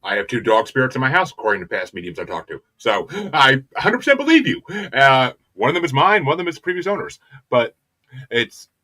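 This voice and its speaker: A man's voice: medium pitch, big pitch swings, fairly quick, pushed and bright. A man hosting an interview, chatting casually and eagerly agreeing, while hedging his own opinions. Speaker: podcast host.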